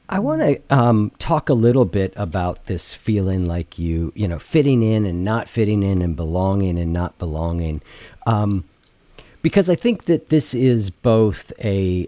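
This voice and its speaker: A man hosting a podcast interview, asking thoughtful questions and often pausing to search for words. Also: on the low side, big pitch swings, warm tone, no echo. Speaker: podcast host. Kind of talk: interview conversation.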